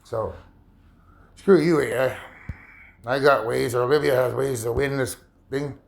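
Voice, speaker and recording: A man in his fifties talking in a rambling, emotional personal monologue, halting and repeating himself. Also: mid-range voice, vocal fry. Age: 50s. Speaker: vlogger.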